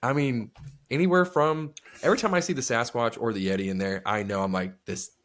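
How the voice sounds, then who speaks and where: A man's voice: mid-range voice, fairly quick, fairly bright tone. A man in his thirties co-hosting a podcast, chatting casually in a rambling, profane way. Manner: rambling, swears freely. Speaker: podcast co-host. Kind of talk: casual chat.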